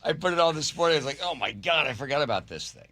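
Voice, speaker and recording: A man hosting a talk radio show in a studio, chatting casually and telling stories, acting out quotes in a high voice and laughing often. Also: very fast, a little hiss or hum. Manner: animated storyteller, acts out quotes in a high voice, laughs a lot. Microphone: studio microphone.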